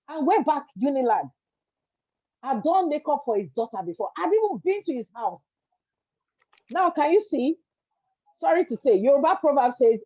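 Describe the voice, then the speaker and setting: A woman's voice: high voice, no echo, highs cut off. Emphatic Nigerian woman telling a story. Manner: earnest, emphatic, repeats words for stress. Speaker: guest entrepreneur. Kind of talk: storytelling interview answer.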